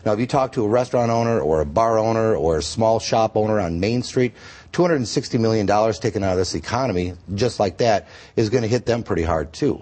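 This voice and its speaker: A man's voice: lowish voice, fast, a little mellow. A man, a state senator, giving an earnest and emphatic guest interview on a TV news show in a studio.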